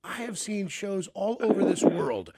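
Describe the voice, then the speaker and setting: A man's voice: high voice, very animated, measured pace, heavy background noise. A man hosting a radio interview, enthusiastic and rambling, repeating words as he talks.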